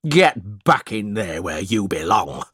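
A man's voice: fairly low pitch, sing-song, slow, fairly bright tone, breathy edge, dry recording, clean studio sound, exaggerated voice. A man voicing a cruel, bullying middle-aged schoolmaster who barks threats in a storybook reading. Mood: angry threatening. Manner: barking, menacing.

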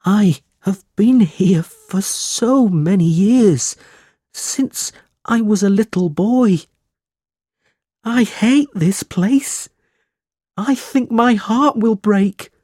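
Storybook orphan boy, high and drawn-out, hopeless, as a man reads him; dry, close sound. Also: expressive, a little mellow, dry recording, heavily acted. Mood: despairing. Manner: high, slow, wailing. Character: miserable young male orphan drudge, despairing. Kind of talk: audiobook character voice.

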